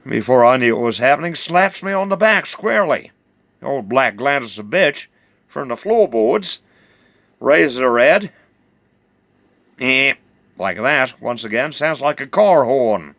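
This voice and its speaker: A man's voice: medium pitch, big pitch swings, unhurried, fairly bright tone, no room sound, studio quality. A man with a New Zealand accent telling a rambling, drawling yarn full of fillers and self-corrections. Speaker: storyteller.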